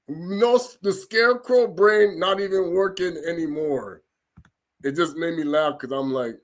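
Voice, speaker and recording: A man's voice: high-pitched, normal speed. A man giving an informal scripture lesson, sounding out foreign words syllable by syllable and breaking into chatty, laughing asides. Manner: laughs and gets animated in asides. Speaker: religious teacher.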